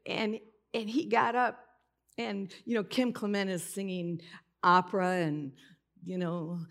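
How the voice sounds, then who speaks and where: A woman preaching in church with a gravelly, creaky edge to her voice. She talks casually and personally, moving from easy chat into tearful emotion as she tells her story. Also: medium pitch, fairly even intonation, a little slow. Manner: conversational, emotional, breaks into tears while retelling.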